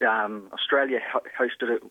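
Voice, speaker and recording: A man with a New Zealand accent reports over a phone line for a radio interview, his voice slightly husky. He talks haltingly, full of ums and restarts. The sound is dry and close. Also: medium pitch, fairly even intonation, dry recording. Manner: hesitant, many ums and restarts. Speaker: news correspondent.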